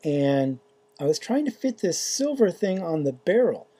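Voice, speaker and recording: Very dark, husky-voiced faith vlogger. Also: medium pitch, very animated, measured pace. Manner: rambling, hesitant, many fillers and restarts. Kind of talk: casual dream retelling.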